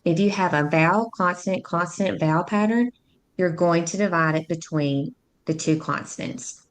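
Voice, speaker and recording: A woman tutor narrating a phonics lesson, speaking slowly and clearly as she sounds out words and syllables. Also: fairly low pitch. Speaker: reading tutor.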